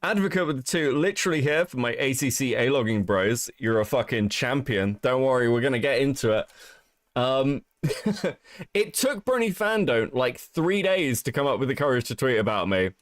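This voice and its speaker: A man's voice: medium pitch, normal speed, dry recording, studio quality. A man hosting a casual livestream, reading out donations and mocking posts with lots of swearing and laughter. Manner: animated, profane, reads out donations. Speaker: livestream host.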